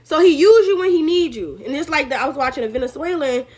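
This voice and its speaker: High, animated woman talking politics. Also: quick pace. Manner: animated, acts out quotes in put-on voices, laughs often. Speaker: political commentary host. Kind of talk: casual opinion monologue.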